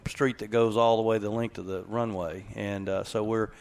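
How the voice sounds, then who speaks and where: A man's voice: lowish voice, fairly even intonation, moderate pace, gravelly, darkish tone. A man speaking as a guest on a radio interview, easygoing and folksy, rambling a bit as he gives directions. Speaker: aerobatic team pilot, guest.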